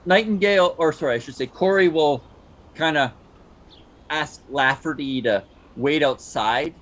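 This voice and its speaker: A man's voice: on the high side, unhurried, a bit bright. A man playing a tabletop role-playing game, describing what his character does and sometimes speaking as him. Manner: describes his character's actions, drops into short in-character lines. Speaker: player.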